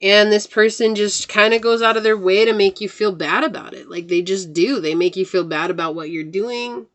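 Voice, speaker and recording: A woman's voice: medium pitch, moderate pace, a bit bright. Chatty woman giving a tarot reading. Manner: chatty, addresses listeners as guys and y'all. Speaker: tarot reader. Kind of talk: casual tarot reading to viewers.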